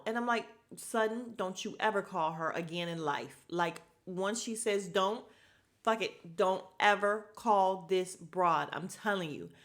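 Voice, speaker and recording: A woman, hosting a podcast and giving a blunt, animated casual recap, acting out quotes as she goes. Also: on the low side, a little hiss or hum. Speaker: podcast host recapping a reality show. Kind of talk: casual chat.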